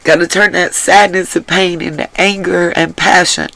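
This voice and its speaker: A woman hosting a casual livestream and reading the chat aloud, drained, her voice rough from crying, earnest and emphatic and given to repeating herself. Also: lowish voice, fairly even intonation, moderate pace, bright, forceful tone, no echo, low-quality recording. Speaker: livestream host.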